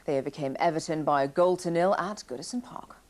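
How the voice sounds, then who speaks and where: A woman news anchor reading the evening bulletin in a measured, formal way. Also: low voice, crowd noise.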